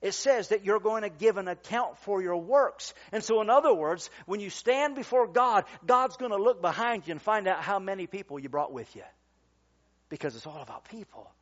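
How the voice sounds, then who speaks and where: Guy preaching, pretty high voice, gets loud then goes quiet, asks for amens, kinda dull lo-fi sound. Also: expressive, normal speed. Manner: emphatic, swings from loud to quiet, calls for amens. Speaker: pastor. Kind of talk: sermon.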